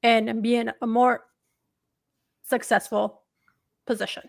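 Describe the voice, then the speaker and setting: A woman's voice: on the high side, level tone, slow pace, gravelly, dry recording, clean studio sound. A woman hosting a sports podcast who talks expressively and emphatically in loose fragments. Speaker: podcast host. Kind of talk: casual sports talk.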